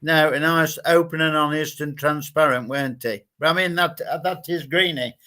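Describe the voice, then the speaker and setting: Relaxed man co-hosting a podcast. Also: on the high side, normal speed. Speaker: podcast co-host. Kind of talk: casual podcast chat.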